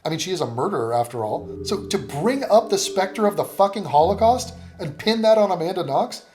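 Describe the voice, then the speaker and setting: A man making heated reaction commentary, sarcastic and profane, with rapid-fire rhetorical questions. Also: high voice, animated, darkish tone. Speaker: commentary YouTuber.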